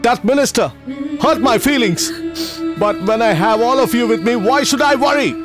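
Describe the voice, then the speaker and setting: A man's voice: extremely high pitch, moderate pace. A man dubbing a kind middle-aged teacher who runs a school for poor children, speaking with heartfelt sorrow. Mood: tender. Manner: heartfelt, grieving, apologetic. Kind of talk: dubbed film acting. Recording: film soundtrack with loud music.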